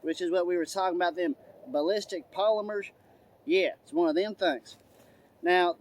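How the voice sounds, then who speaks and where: A man putting on a loud, excitable redneck who hollers, begs and drawls "y'all" while reviewing gear. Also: sits high. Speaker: host. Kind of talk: product review.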